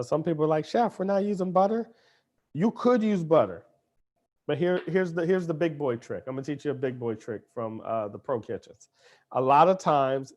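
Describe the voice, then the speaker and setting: A dad hosts a live cooking lesson for kids, speaking directly to the children and their parents in a chatty, upbeat way. His voice is medium in pitch with a darkish tone, and the high frequencies are cut off.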